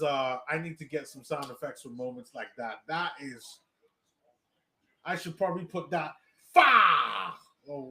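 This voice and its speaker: A man hosting a live watch party, excitedly reacting play by play and often stammering and restarting his sentences. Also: a little high, echoey room.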